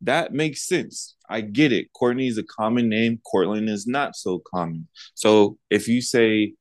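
Speaking at a moderate pace in a dry recording, this podcast co-host spins lively stories during casual conversation. He imitates other people in high voices as he goes.

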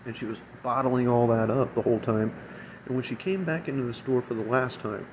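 A man's voice: medium pitch, brisk, noisy background. A man telling a long, profane story about a difficult coworker, exasperated and imitating people's voices as he quotes them. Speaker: restaurant shift manager. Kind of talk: casual storytelling rant.

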